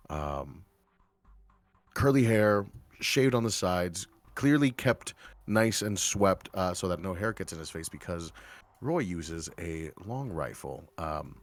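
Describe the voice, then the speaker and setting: A man describing his character in a casual tabletop game, relaxed and halting with frequent ums. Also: lowish voice, no room sound. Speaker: player.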